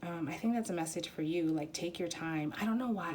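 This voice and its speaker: A woman giving an intuitive card reading, rambling and halting with many fillers and growing emotional as she talks. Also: fairly low pitch, darkish tone, a little hiss or hum. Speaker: tarot reader. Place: quiet room at home.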